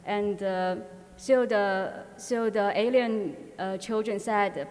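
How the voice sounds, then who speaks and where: A woman giving an academic conference talk, halting, with frequent filler pauses and restarts. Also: medium pitch, darkish tone. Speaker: conference presenter. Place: university conference hall. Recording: long reverb of a conference hall.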